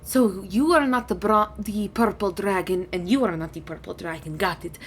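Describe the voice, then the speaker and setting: A woman voicing an ancient female dragon who is stately, measured and gently teasing. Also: medium pitch, a little hiss or hum, close to an everyday voice.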